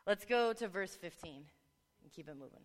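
A woman preaching a sermon, telling a family story with animated voices for the people in it. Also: mid-range voice, normal speed. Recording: long reverb of a large hall.

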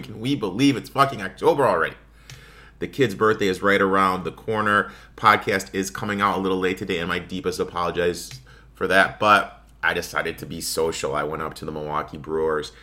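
Deep-voiced, bright-toned male podcast host. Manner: profane, ranting, offhand. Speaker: sports betting podcast host. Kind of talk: casual solo podcast monologue.

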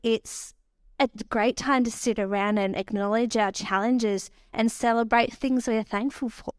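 A woman, preaching a sermon and telling stories with animated quoted voices. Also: a little high, unhurried, dry recording, clean studio sound.

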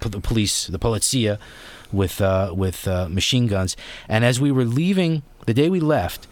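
A man's voice: medium pitch, no echo. A man in his forties hosting an interview, chatty and given to rambling anecdotes. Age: 40s. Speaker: interviewer host. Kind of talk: conversational interview.

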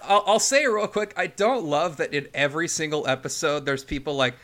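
Bright-voiced young man chatting. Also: a little high, brisk. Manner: laughing, many restarts. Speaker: podcast co-host. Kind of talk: casual chat.

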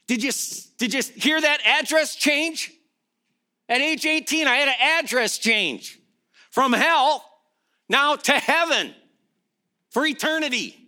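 A man's voice: very high-pitched, bright, forceful tone. A middle-aged man preaching a sermon as pastor. He speaks emphatically, asking rhetorical questions and repeating key phrases.

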